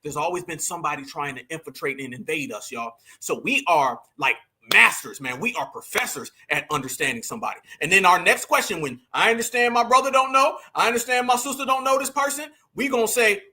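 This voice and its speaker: A man with a Southern US accent hosting a livestream, talking straight to his audience in animated casual commentary. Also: sits high, fast, few pauses, husky. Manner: animated, addresses audience as fam and y'all. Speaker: livestream host.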